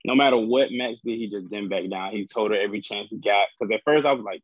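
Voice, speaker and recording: A man's voice: lowish voice, quick pace, few pauses, no room sound, highs cut off. A young man in a casual chat, talking in a laid-back, slangy way and saying "bro" a lot. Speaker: podcast guest.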